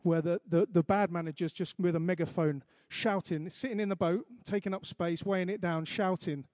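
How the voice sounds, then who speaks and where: A man preaching a sermon, earnest, reciting scripture slowly and emphatically, with light asides to the congregation. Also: high-pitched, steady tone, darkish tone, no room sound, clean studio sound. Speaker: pastor.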